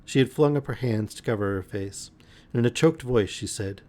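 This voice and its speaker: A man reading a novel aloud as a bedtime story on a live stream, expressive, with the odd wry aside. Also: medium pitch, normal speed.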